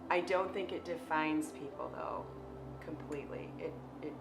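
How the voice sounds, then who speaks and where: Woman, very low voice, measured interview answer, echoey room, background noise. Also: fairly even intonation, music in the background. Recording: roomy with ambient noise.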